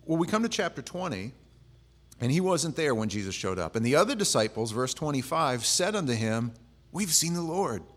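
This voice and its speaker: A man's voice: mid-range voice, big pitch swings, a little fast, fairly bright tone. A pastor preaching a conversational sermon in a casual, humorous way, often acting out the lines he quotes.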